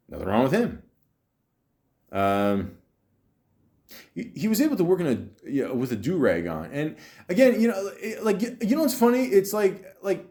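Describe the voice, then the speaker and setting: A man's voice: mid-range voice, a little mellow. A man hosting a podcast, telling a rambling, crude, jokey story in a casual monologue full of swearing and restarts. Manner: profane, rambling, jokey, many fillers and restarts. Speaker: podcast host.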